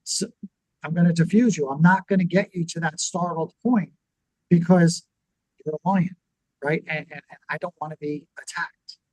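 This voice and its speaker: A man co-hosting a business talk show, teaching in a lively conversational way and acting out what people would say. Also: fairly high pitch, moderate pace, no echo, low-quality recording. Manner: animated, acts out quoted reactions. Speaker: podcast co-host.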